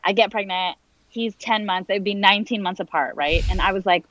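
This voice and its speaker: A woman's voice: mid-range voice, brisk, a bit bright, no room sound, poor audio. A woman in her late twenties telling a personal story in conversation, candid and full of fillers, acting out the lines of others. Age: 20s. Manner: candid, filler-heavy, reenacts dialogue. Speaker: guest.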